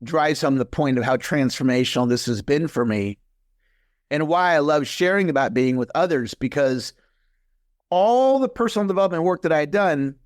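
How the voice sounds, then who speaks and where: Earnest man in his fifties, fairly high voice. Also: moderate pace, no echo, studio quality. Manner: earnest, repeats key phrases, lively when retelling. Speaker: podcast guest, coach. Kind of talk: conversational interview.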